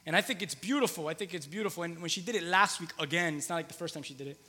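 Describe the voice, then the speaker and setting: Man, pastor, thirties, sermon, long hall reverb, slightly high voice. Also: rapid-fire, bright, forceful tone. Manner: conversational, repeats phrases for emphasis.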